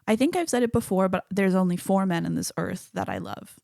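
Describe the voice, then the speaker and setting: A woman hosts a solo podcast and chats casually about a film, swearing freely and acting out the lines she quotes. her voice has a gravelly fry to it and sits at a middle pitch. the sound is dry and close. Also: fairly quick, darkish tone, no echo. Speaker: podcast host.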